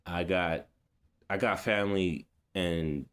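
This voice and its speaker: A man's voice: low-pitched, slow pace, fairly bright tone. A man vlogging, telling a personal story in a casual, rambling way with many fillers, restarts and street slang. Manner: laid-back street slang.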